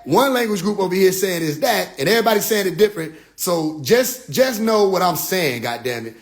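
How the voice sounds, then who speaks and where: High-voiced man ranting on a livestream. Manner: animated, profane, acts out others in low mocking voices. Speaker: livestream host. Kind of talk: casual livestream rant. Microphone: phone.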